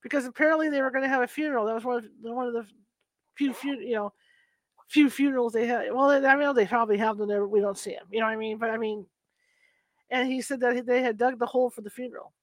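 A middle-aged woman from California chatting casually and spinning anecdotes with a chuckle in them. Her voice sits a little on the high side, recorded close and dry with no room sound. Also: steady tone, quick pace, no room sound. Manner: chatty storyteller, laughs while telling. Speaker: conversation partner. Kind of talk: casual chat. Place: Sacramento, USA.

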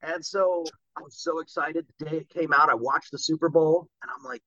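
A man, a voice actor guest, chatting on a podcast and telling animated stories. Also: a little high, a little fast, few pauses, dry recording, dull audio. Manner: animated storyteller who slips into voices. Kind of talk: casual podcast chat.

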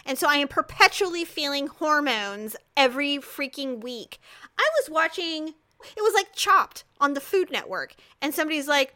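A middle-aged woman co-hosting a casual chat, telling animated stories and laughing easily. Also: sits high. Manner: animated storyteller, quick to laugh. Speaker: podcast co-host.

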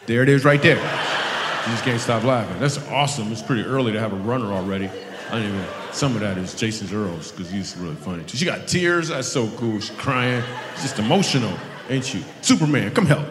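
A man's voice: lowish voice, brisk. Guy doing crowd work at a comedy show, ribbing people in the crowd, big roomy hall with audience noise. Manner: playful teasing banter with audience members. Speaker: stand-up comedian. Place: live show in a large venue with an audience. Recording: echoey hall with audience ambience.

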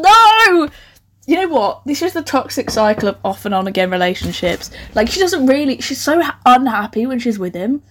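Animated woman reading aloud. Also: on the high side. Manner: animated and laughing, with sarcastic asides. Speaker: podcast host reading her old writing. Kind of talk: comic reading with commentary.

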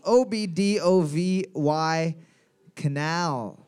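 Playful high-voiced quiz host, man. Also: darkish tone, clear, resonant tone. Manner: playful, drawls questions slowly, laughs often. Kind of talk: casual comedic quiz chat.

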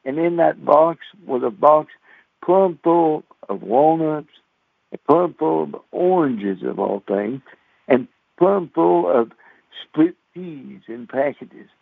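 Preacher in his 60s, folksy, kinda gravelly, tinny dry radio line. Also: fairly high pitch, takes it slowly, dry recording. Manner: folksy storytelling with repetitions. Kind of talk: radio sermon with personal story. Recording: dry phone-like radio sound.

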